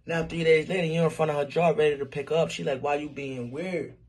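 A man delivering a comedic, mocking rant about a woman, insistent and animated. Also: a little high, fast talker, husky.

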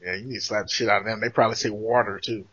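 A man hosting a casual podcast, teasing and joking loudly with plenty of profanity. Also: lowish voice, steady tone, rapid-fire, slightly rough, no room sound, muffled recording. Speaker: podcast host. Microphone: remote call.

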